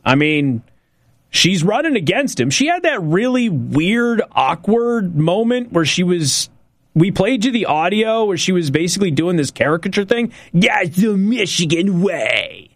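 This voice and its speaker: Emphatic talk radio host, slightly high voice. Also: male voice, sing-song, dry recording. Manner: emphatic, sarcastic, repeats points slowly for effect. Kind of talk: political talk radio monologue.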